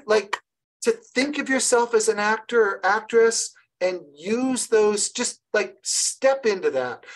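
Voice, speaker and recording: A woman leading an online training session for early childhood educators, lively and encouraging, often restarting her sentences. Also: medium pitch, low-quality recording. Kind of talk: online professional development session.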